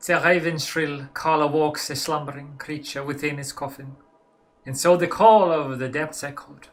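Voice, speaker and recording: A man's voice: fairly high pitch, fairly even intonation, moderate pace, lightly acted. A man voicing a formal, weary German male head doctor in a mock German accent that drifts toward French, reading a letter in a theatrical way.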